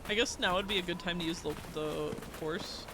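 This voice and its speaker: Male streamer, high-pitched, live gameplay commentary, excitable and profane. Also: brisk, noisy background. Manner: excitable, swears freely, laughs often; chatty, rambling asides.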